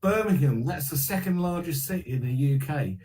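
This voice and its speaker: A man's voice: fairly high pitch, expressive, brisk, a little mellow. An English man joining a livestream as a guest, chatting in an easygoing way and laughing often. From England. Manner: laughs easily, easygoing, repeats himself. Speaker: stream guest. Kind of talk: casual livestream chat.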